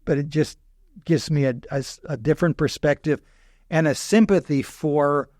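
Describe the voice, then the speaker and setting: A man's voice: fairly high pitch, fairly even intonation, moderate pace, darkish tone, dry recording, clean studio sound. An older man, a guest scholar in a podcast interview, speaking thoughtfully with many restarts and asides.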